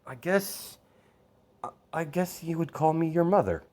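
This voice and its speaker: A man voicing a gentle adult woman who softly reassures a frightened child. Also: on the high side, expressive, a little slow, pitched above the performer's own voice.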